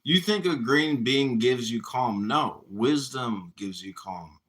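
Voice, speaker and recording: Bright, lively mocking man. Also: mid-range voice, slight background noise. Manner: mocking, needling, swings from loud jabs to quick mutters. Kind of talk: casual trash-talk banter.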